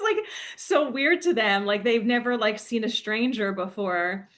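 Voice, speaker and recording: A woman's voice: a little high, measured pace, fairly bright tone. A young woman telling a rambling, laughing story in a casual monologue, full of fillers. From New Jersey. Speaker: spiritual coach.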